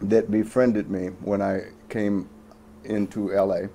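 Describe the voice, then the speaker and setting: An older man, a former radio announcer and actor, telling stories as a talk show guest with crisp trained diction. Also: on the low side, a little slow, a little hiss or hum. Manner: animated storyteller, trained announcer diction, acts out quotes loudly. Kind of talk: casual interview chat, storytelling.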